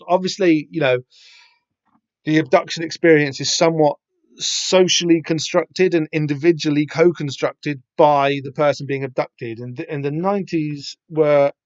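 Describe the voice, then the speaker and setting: Rambling man with a slightly high voice. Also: no room sound. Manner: rambling, many fillers and restarts. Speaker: podcast host. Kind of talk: casual comic commentary. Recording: dull lo-fi sound.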